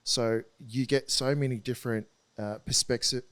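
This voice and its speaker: A man in his thirties, a rugby league player, talking candidly as a podcast guest in an earnest, halting way with frequent restarts. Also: mid-range voice, fairly even intonation, fairly bright tone.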